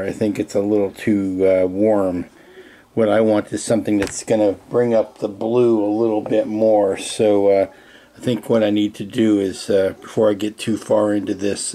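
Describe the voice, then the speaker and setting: A man's voice: fairly low pitch, a little mellow. A man rambling over his hobby bench. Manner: rambling, hesitant, restarts often. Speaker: scale model painter. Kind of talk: casual hobby workshop update.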